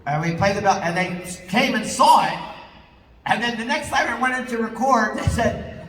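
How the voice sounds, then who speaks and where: A man as a voice actor guest at a convention panel, telling comic stories in an animated, jokey way and swearing casually. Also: high voice, moderate pace, slight background noise. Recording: echoey hall, voice from far off.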